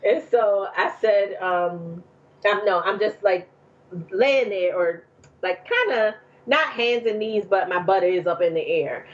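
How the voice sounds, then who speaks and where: Woman guest from New Jersey, chatty storyteller with lots of fillers, mid pitch, slightly muffled audio. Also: a little slow. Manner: chatty, laughs often, many fillers. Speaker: podcast guest. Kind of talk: casual storytelling.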